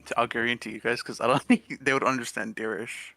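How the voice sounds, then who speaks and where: A man taking his turn in a tabletop role-playing game, with a bright, forward tone. He talks in an easygoing way and hesitates with fillers. Faint music runs in the background. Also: medium pitch, fairly even intonation, fast talker, creaky. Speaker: player. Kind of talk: casual tabletop game play.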